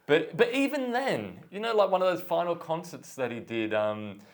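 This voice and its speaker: A man hosting a podcast, telling anecdotes in a casual, animated way with many restarts. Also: on the high side, moderate pace. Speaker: podcast host. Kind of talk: casual chat, storytelling.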